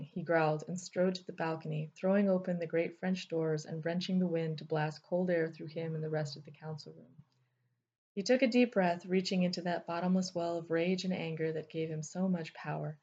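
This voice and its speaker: Woman audiobook narrator, expressive, lowish voice, muffled recording. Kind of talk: fiction narration.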